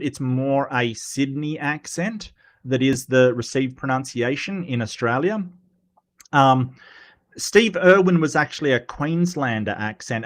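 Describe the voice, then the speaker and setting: A male livestream host in casual commentary, reading chat aloud, chatty and teasing, often repeating words and filling pauses. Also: medium pitch, a bit bright.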